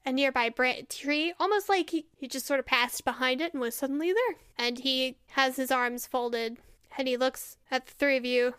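A woman narrating as game master of a tabletop game, lively and descriptive. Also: high voice, normal speed, smooth, dry recording, studio quality.

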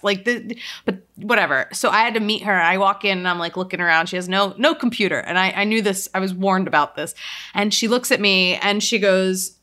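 A woman's voice: medium pitch, a little fast. A young adult woman, a comedic actor, chatting casually and acting out the people in her stories. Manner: animated storyteller, acts out quotes. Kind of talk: casual chat.

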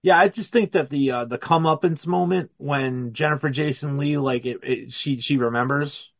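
A man co-hosting a casual film commentary podcast, talking in a rambling, profane, excitable way. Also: medium pitch, normal speed, vocal fry, dull audio. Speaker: podcast co-host.

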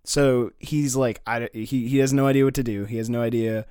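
A man's voice: mid-range voice, fairly even intonation, a little fast, warm tone, smooth, no room sound, studio quality. A man in casual chat, brainstorming a story, rambling with many fillers and swearing as he acts out characters' lines.

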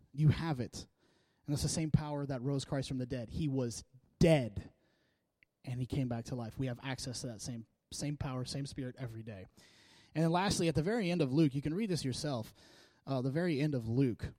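This pastor's voice is fairly high and slightly rough, captured in a dry recording. His sermon is casual and fervent, full of jokes, energy and frequent laughter as he urges the congregation on.

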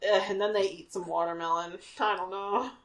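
A woman podcast host casually recapping a cartoon episode, deadpan and quick to laugh. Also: medium pitch. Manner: laid-back, deadpan, laughs often.

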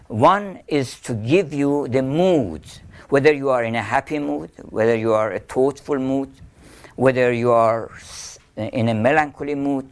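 A man with a Persian accent explaining poetry in an interview, telling anecdotes and chanting rhythms aloud. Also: medium pitch. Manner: storytelling, chanting poetic rhythms. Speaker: poet and painter teaching Persian poetry.

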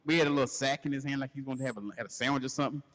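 A man hosting a podcast, telling a crude comedic story in a loose, animated way and laughing as he goes. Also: mid-range voice, very fast. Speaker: podcast host. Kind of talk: casual comedic storytelling rant. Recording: long hall reverb.

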